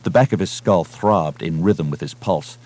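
A man narrating a science-fiction novel as an audiobook reader, with a measured, dramatic delivery. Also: low voice, darkish tone. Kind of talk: scripted narration.

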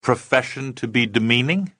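A man voicing a defensive middle-aged aristocrat in a story, quick and lightly pompous. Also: mid-range voice, animated, sharp tone, dry recording, studio quality, voice pushed up.

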